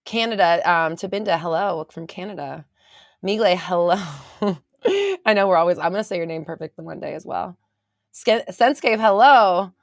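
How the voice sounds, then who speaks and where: Chatty valley-girl woman podcast host, slightly low voice, dry close recording. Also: normal speed, no echo. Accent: American valley girl. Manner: bubbly, chatty, lots of fillers and laughs. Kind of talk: casual livestream chat reading viewer comments. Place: home studio.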